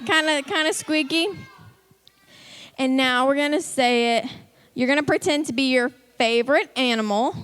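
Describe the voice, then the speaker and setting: A woman's voice: sits high, a bit bright. A woman leading a kids' church lesson, upbeat and coaxing as she calls out countdowns to the children. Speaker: children's ministry leader.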